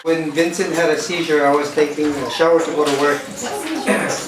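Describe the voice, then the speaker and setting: A middle-aged family member telling a family memory in a halting, repetitive way. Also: mid-range voice. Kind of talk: casual family storytelling. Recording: echoey room, distant mic, crowd.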